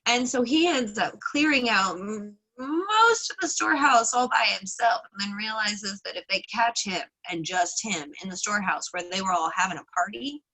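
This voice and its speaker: A woman's voice: mid-range voice, lively intonation, normal speed, few pauses, bright, forceful tone, low-quality recording. A woman teaching a casual class, retelling a folk tale in a chatty, playful way with frequent hedges. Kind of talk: casual lesson with folk storytelling.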